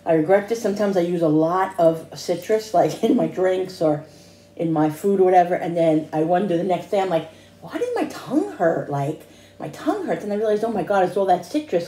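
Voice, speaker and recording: A woman with a fairly low, mellow voice chats casually in a home cooking vlog, rambling, restarting sentences and humming as she tastes. The home kitchen recording is echoey, with dishes clattering in the background.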